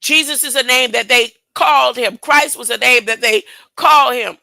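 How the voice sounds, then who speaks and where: A woman's voice: a little high, normal speed, gravelly, pushed and bright, no echo, low-quality recording. A woman preaching an informal Bible lesson, acting out characters in casual speech and often laughing. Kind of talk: informal sermon with storytelling.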